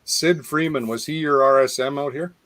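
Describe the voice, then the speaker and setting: A man's voice: mid-range voice, normal speed, fairly bright tone, no room sound. A man hosting a casual chat, easygoing and enthusiastic as he recalls thrilling experiences. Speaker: show host.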